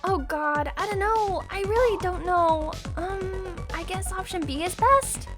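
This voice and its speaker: A young woman narrating her own animated story with a dramatic, exclamatory and sarcastic delivery. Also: very high voice, measured pace, music in the background.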